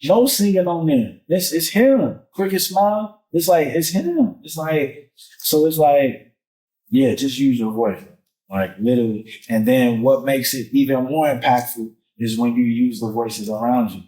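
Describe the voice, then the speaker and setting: A man appearing as a musician guest on a podcast, talking casually in animated street slang and swearing often. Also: mid-range voice, a little slow, low-quality recording. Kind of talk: casual conversation.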